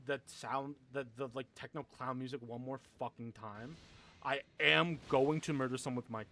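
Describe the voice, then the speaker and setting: A man's voice: mid-range voice, steady tone, moderate pace, pushed and bright. A young man chatting casually with viewers on a gaming livestream, rambling, swearing a lot and laughing often.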